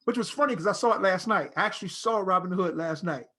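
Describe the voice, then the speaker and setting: A middle-aged man, an actor, talking as an interview guest in a loose, rambling, animated storytelling way. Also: high-pitched, quick pace. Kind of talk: casual interview conversation.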